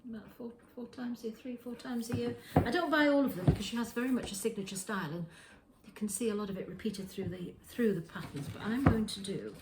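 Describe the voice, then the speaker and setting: A woman's voice: fairly high pitch, fast, hardly any pauses, echoey room, very noisy. A woman hosting a knitting podcast from her kitchen, chatting casually in a rambling way with many restarts. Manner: rambling, with frequent restarts and self-corrections. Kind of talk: casual show-and-tell chat. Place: home kitchen.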